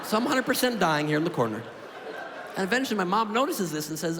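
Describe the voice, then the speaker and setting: A man in his thirties tells a neurotic stand-up story, his fairly high voice jumping all over its range. He is on a stage with a handheld mic, and the hall rings with a long reverb and a full, laughing crowd. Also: fast talker. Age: 30s. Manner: animated, neurotic storytelling with voice swings. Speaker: stand-up comedian. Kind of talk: stand-up comedy set. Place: comedy stage before a live audience.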